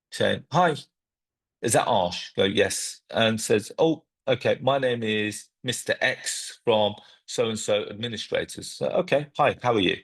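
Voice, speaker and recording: Husky-voiced man telling a story. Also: medium pitch. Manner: animated storyteller acting out phone calls. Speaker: property investor and host. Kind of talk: storytelling to camera.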